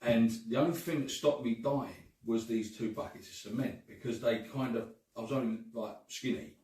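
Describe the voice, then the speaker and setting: A man's voice: mid-range voice, moderate pace, warm tone. Chatty swearing man. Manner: swearing, chatty, says "right?" and "mate" a lot. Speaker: guest panellist. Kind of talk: casual chat storytelling. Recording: echoey room from far off, faint noise.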